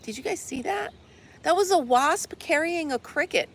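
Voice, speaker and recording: Woman host, casual chatty livestream, gravelly voice, faint outdoor hush behind her. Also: high-pitched, lively intonation, moderate pace, slight background noise. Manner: chatty, rambling, laughs often. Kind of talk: casual chat with viewers. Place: outdoor deck with a swing.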